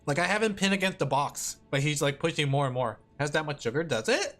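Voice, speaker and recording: A woman's voice: low voice, quick pace. Woman streamer rambling casually, voice jumps all over, faint music behind. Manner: chatty and rambling, with many fillers; excitable, breaks into laughs and shouts. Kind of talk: casual live-stream chat.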